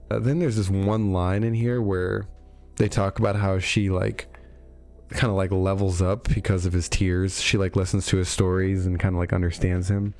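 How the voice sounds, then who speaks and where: Over faint background music, a video host goes through game lore, casually retelling the story with sarcastic, wry humor and lots of filler words. His voice leans low and has a darkish tone.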